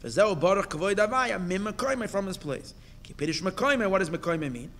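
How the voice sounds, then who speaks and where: A man's voice: sits high, lively intonation, a little fast, a bit bright. A man, a rabbi, giving a Torah class. He reads a Hebrew text phrase by phrase and explains each in English, with emphatic bursts and questions. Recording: long hall reverb.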